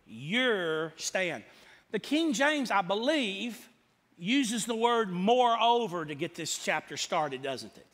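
A man's voice: high voice, expressive, slow pace, fairly bright tone. A male pastor preaching an expository sermon in a folksy way, asking the congregation questions and answering them himself. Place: church sanctuary. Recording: long church hall reverb.

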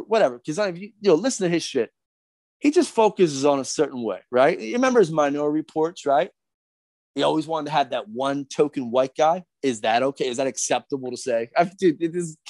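A man's voice: a little high, darkish tone, no echo. Fired-up profane man ranting on a podcast. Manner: profane, fired up, repetitive fillers. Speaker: podcast guest, skateboarder. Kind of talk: heated podcast rant.

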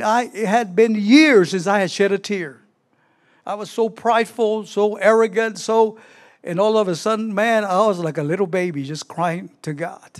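A middle-aged man preaching a sermon in a church, emotional and halting, with frequent restarts. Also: high-pitched. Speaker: pastor. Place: church sanctuary.

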